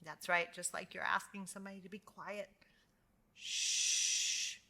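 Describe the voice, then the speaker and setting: An American woman teaching English pronunciation, drawing out sounds slowly and praising each try. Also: medium pitch, fairly even intonation, sharp tone. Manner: slow, patient, drawn-out sounds for repetition; encouraging praise after each drill. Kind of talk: slow phonics lesson.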